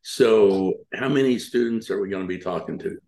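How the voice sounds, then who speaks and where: Man, show host, low voice, halting, encouraging, echoey room. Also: dark tone. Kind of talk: on-air interview.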